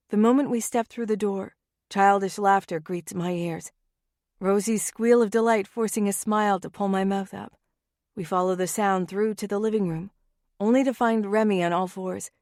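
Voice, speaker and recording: A woman's voice: mid-range voice, a little mellow, no echo, clean studio sound. Woman narrating a romance audiobook. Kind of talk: first-person romance narration.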